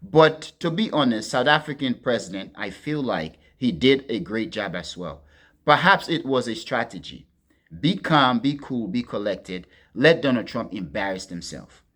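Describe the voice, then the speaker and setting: A man hosting a political commentary monologue, talking to his listeners as friends in a deliberate, emphatic way and leaning hard on key words. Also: mid-range voice, lively intonation. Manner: deliberate, addresses listeners as friends, stresses words with sharp swings in loudness.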